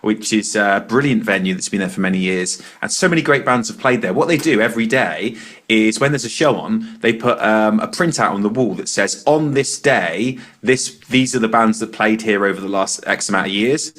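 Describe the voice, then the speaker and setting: A man's voice: fairly low pitch, moderate pace, hardly any pauses, fairly bright tone. A man who plays in a band, co-hosting a podcast and telling rambling, enthusiastic stories. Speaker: band member and podcast co-host. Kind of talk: casual podcast chat.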